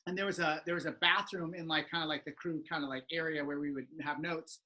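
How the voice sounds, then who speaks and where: Excitable, bright-toned host, casual chat. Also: mid-range voice, quick pace, rough recording. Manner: excitable, laughs often, acts out quoted people. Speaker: podcast host.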